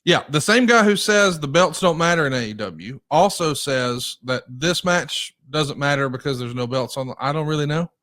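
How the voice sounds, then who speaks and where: A man hosts a podcast and fires eager, pointed questions at his guest. His voice sits a little high for a man. The sound is dry and close. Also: normal speed, few pauses, dry recording. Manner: energetic, needling questions. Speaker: podcast host. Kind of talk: casual interview chat.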